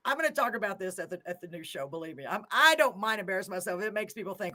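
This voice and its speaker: Bright, chatty woman host. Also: mid-range voice, animated, rapid-fire, hardly any pauses. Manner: effusive, chatty, laughs often. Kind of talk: casual live show chat.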